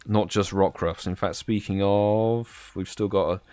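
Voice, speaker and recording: A man's voice: lowish voice, fairly even intonation, measured pace, warm tone. A young British man hosting a live stream, chatting casually and greeting viewers by name. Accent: British English. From United Kingdom. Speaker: livestream host.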